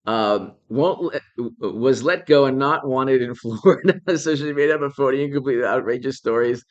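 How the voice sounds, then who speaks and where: A man's voice: mid-range voice, moderate pace, highs cut off. A man hosting a live political commentary stream, rambling, laughing often and thanking viewers by name.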